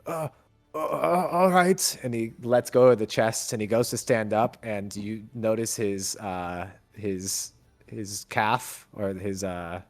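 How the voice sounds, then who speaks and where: A low-voiced man runs a tabletop game, describing scenes in a halting way full of fillers and restarts. Faint music plays behind him. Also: level tone, a little mellow. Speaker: game master.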